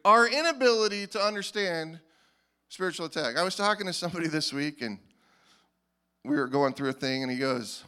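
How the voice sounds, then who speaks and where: Pastor guy preaching, kinda high voice, loose and animated, trips over his words a lot. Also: a little fast, clear, resonant tone. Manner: animated and informal, with frequent restarts. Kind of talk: conversational sermon.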